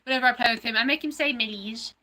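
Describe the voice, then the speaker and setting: Woman streamer, casual chat, bright forceful voice, rambly. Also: high-pitched, fairly even intonation, rapid-fire, poor audio. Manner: chatty, rambling, lots of fillers. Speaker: livestream host.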